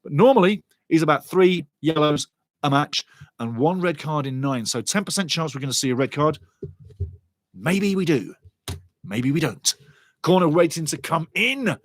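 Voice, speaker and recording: A man giving lively, chatty live football watchalong commentary and greeting viewers in the chat. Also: on the high side, normal speed, no room sound.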